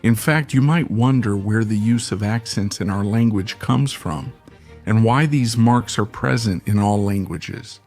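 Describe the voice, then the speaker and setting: Gravelly man narrating an explainer. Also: lowish voice, a little mellow, faint music behind. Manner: measured, explanatory. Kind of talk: scripted educational narration.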